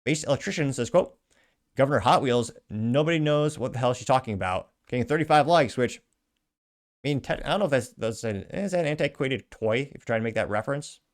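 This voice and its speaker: A male host working through a list of viewer comments on his show. He reads each one out, then tacks on dry, offhand asides in a conversational voice at an everyday pitch. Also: expressive, a little fast. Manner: wry, offhand asides with chuckles.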